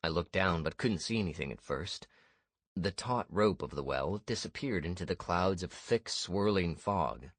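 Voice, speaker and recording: A man narrating a first-person fantasy audiobook in a steady, measured way. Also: low voice, dry recording.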